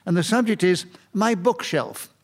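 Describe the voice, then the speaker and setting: A man chairing a radio panel game before a live audience, briskly ruling on challenges. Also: high-pitched, animated. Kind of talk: radio panel show hosting.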